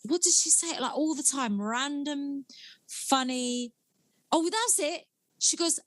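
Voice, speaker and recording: A woman's voice: high voice, expressive, takes it slowly, fairly bright tone, no room sound. A woman comedian, chatting animatedly at home as a podcast guest. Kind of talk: casual podcast conversation.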